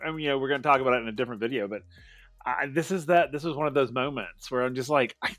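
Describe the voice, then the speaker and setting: A man's voice: medium pitch, fairly bright tone, no echo, faint music behind. A man co-hosting a wrestling podcast who rambles and restarts his sentences as he gives his opinions. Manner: rambling, halting, many restarts. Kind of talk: casual chat.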